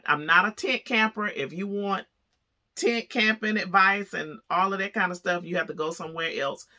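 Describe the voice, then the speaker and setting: A woman vlogger telling a story to camera, chatty and animated, laughing as she goes. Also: on the low side.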